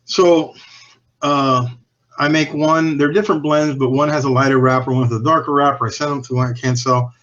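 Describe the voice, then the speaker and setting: A man's voice: mid-range voice, steady tone, brisk, fairly bright tone, muffled recording. A man guesting on a podcast, telling cigar-industry stories in a candid, profane, rambling way that often restarts and trails off. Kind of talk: casual anecdotal storytelling.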